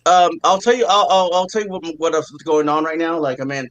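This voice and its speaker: A man's voice: fairly high pitch, quick pace, a bit bright. A man co-hosting a casual live stream chat, rambling with many restarts while he gets over a cough and a sore throat. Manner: rambling, restarts a lot, fillers.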